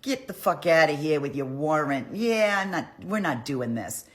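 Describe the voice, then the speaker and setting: A woman voicing a blunt, irritable ailing old king who talks in a gruff, offhand way. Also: low-pitched, animated, fast. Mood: annoyed.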